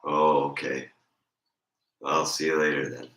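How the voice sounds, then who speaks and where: A man with a very deep, congested voice chats slowly and casually on a stream. His tone is bright despite the low pitch, and the room around him is echoey. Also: little pitch movement. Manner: slow rambling talk, voice squeaks and crackles when raised. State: congested throat.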